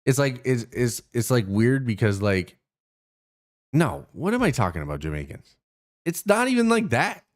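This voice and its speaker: A man's voice: medium pitch, sing-song, moderate pace. A young man from Canada, hosting his own stream, talking in a casual, rambling way with lots of cursing, fillers and restarts. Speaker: streamer host. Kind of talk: casual rant to stream viewers.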